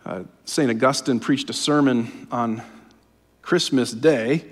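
A man preaching a sermon, impassioned and often dropping to a hushed, low voice. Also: takes it slowly. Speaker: pastor. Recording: long hall reverb.

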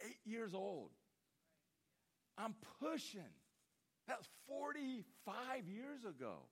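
Man, 50s, pastor, sermon, lively pitch, somewhat high voice, emphatic bursts and hushed asides. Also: slow pace, husky. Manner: animated storytelling, swinging from loud emphatic bursts to hushed asides.

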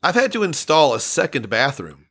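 A man's voice: a little high, big pitch swings, normal speed, gravelly, a bit bright, slightly rough. A man co-hosting a casual podcast, reading out listener comments and laughing often. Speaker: podcast co-host.

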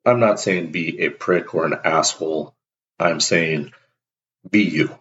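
A man with a low, deep voice delivers a blunt, emphatic motivational monologue as a show host. He acts out little everyday exchanges to make his points. The recording sounds dull and lo-fi. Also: unhurried, a bit bright, slight background noise.

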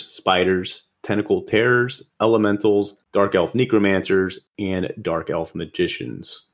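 A man with a very low voice co-hosts a casual gaming podcast. He talks in a relaxed, explanatory way. He lists details at a measured pace. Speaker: podcast co-host.

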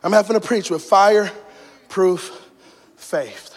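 High-voiced fervent preacher in a reverberant hall. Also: male voice, takes it slowly. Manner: swings between shouted fervent climaxes and hushed personal storytelling. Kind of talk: sermon. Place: church sanctuary.

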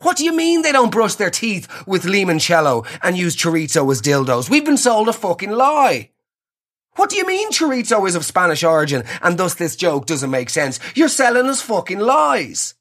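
A man's voice: sits high, wildly swooping pitch, moderate pace, a bit bright. A man in his twenties with a Dublin accent, nasal and a bit sick, telling a sweary comic story. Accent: Dublin Irish. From Ireland. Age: 20s. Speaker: comedian podcaster. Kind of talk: comic monologue.

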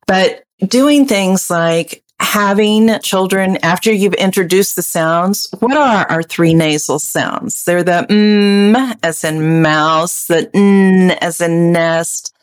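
A woman with an Oklahoma accent explains early reading as a panel expert, slightly low in pitch and animated. She now and then slips into children's voices to make a point. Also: takes it slowly, few pauses. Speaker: literacy educator.

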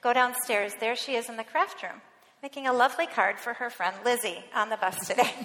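A woman's voice: a little high, fairly quick, fairly bright tone. A woman in her thirties giving an earnest sermon in a church, telling a story from her family life. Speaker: church speaker. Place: church sanctuary. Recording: long reverb of a large hall.

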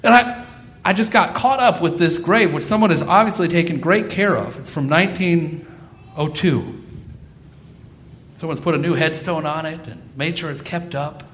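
Male pastor, thirties, high voice, earnest sermon, repeats key phrases. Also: normal speed, a bit bright.

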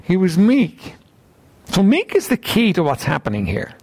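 Male preacher, gravelly voice, lively and varied delivery, keeps clearing his throat while teaching from scripture. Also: sits high, moderate pace. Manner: reads scripture aloud in old wording. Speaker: Bible teacher. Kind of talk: sermon with scripture reading.

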